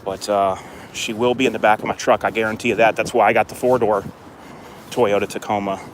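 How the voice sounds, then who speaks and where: With a steady tone and brisk delivery, a man vlogs about his dog on a handheld phone as they play beside a fenced court outside. He chats in a rambling way and raises his voice high whenever he praises the dog, with slight background noise.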